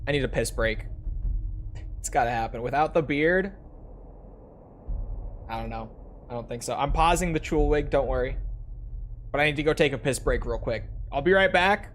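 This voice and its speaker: A man's voice: mid-range voice, normal speed, long pauses, slight background noise. A young man chatting casually with his live-stream audience, joking and swearing.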